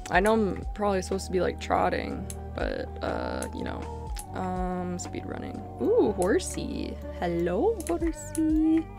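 Young woman, casual gameplay chatter, easily spooked, vocal fry, game music behind. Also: mid-range voice. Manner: chatty, easily startled, self-mocking. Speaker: gaming video creator.

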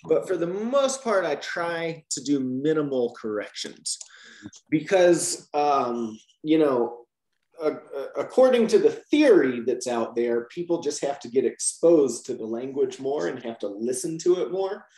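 A man's voice: on the high side, a little slow, reverberant. A man explaining teaching methods to trainee teachers in a Q&A, often checking with "right?". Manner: lively, repeats "right?" to check understanding.

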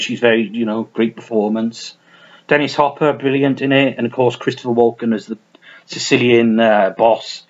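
A man with a mid-range voice chats off the cuff to camera about his film collection in a small, warm room at home, rambling, cursing, restarting and poking fun at himself. The high frequencies of the recording are cut off.

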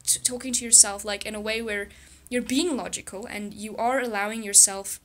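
A young woman in a casual vlog, talking softly and reflectively, with frequent laughs and a gentle self-soothing manner. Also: medium pitch, fairly even intonation, moderate pace. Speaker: YouTuber.

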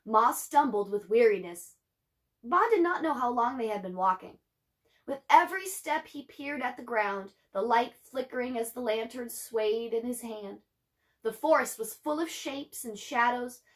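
Woman, teacher, reading aloud, expressive, chatty asides, slightly high voice. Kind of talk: reading a children's novel aloud.

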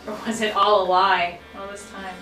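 A woman's voice: medium pitch, flat delivery, normal speed, sharp tone, roomy sound, recorded from a distance, soft background music. A woman co-hosting a show, chatting casually and clowning around while the mic gets checked. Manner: playful, sings and clowns around. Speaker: podcast co-host. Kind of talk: casual chat before going live.

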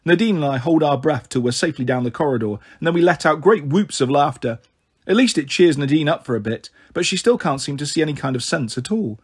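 A man reading a novel aloud in an expressive, lively storytelling manner. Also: a little high, brisk, husky.

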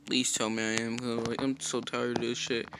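A man giving casual gameplay commentary, swearing constantly and breaking into loud frustrated outbursts. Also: medium pitch, level tone, moderate pace, noisy background. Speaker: gamer and YouTuber.

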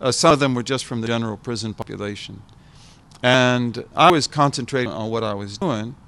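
An older American man giving an informal talk to a gathered audience. He speaks reflectively, circling back and repeating key words for emphasis. His voice sits at an ordinary middle pitch. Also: a little fast, fairly bright tone. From United States. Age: 70s. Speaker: guest speaker, scholar.

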